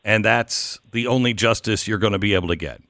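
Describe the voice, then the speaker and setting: A man hosting a radio talk show, asking measured, coaxing questions of a caller. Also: fairly low pitch, fairly bright tone, no room sound, clean studio sound.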